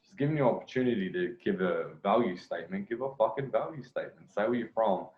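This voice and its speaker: A man's voice: on the low side, lively intonation, fast, lo-fi sound. Blunt man coaching in an echoey room. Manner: blunt, profane, restarts phrases often. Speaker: dating coach commentating on a video. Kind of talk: casual video commentary.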